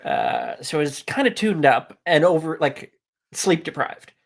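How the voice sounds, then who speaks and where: Canadian guy, kinda high voice, rambling story w lots of uhs and likes. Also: wildly swooping pitch, unhurried, vocal fry. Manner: rambling, laid-back anecdote telling with frequent fillers. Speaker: guest musician. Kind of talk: casual storytelling chat.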